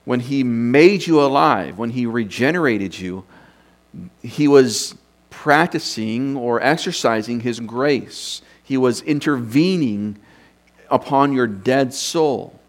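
Medium-pitched and slow, with lively intonation, this male preacher teaches from scripture without a script. He thinks out loud and poses rhetorical questions to those listening.

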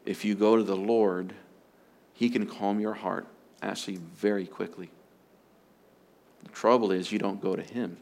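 A man's voice: on the low side, fairly even intonation, measured pace, vocal fry, pauses often, darkish tone. A man preaching as a pastor, earnest and emphatic, often repeating his phrases for stress. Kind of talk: sermon on marriage.

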